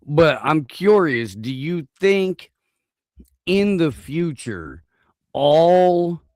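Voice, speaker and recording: Slow, sardonic man hosting. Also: a little high, a little mellow, no room sound, studio quality. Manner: rambling, profane, sardonic. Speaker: host. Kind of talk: casual chat.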